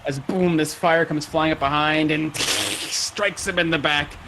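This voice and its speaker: A man's voice: fairly high pitch, steady tone, a little slow, background noise. A man running a tabletop game as game master, narrating vividly with spoken sound effects.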